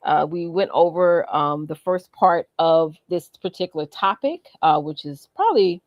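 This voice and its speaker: A woman's voice: on the low side, animated, moderate pace, no room sound, highs cut off. A woman co-hosting a casual business talk show, upbeat and chatty, laughing easily and talking with fillers. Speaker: co-host.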